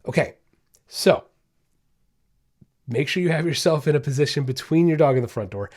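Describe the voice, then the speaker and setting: A man's voice: fairly high pitch, moderate pace, a little mellow. A man hosting a dog-training podcast, explaining steps in a casual, upbeat way and often checking in with listeners. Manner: casual, upbeat, addresses listeners as guys, many okays and rights. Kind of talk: instructional podcast talk.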